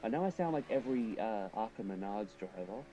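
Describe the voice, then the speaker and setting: A man's voice: on the low side, expressive, a little fast, background noise. A man streaming a racing game, chatting casually and thinking aloud while he drives and answers his viewers.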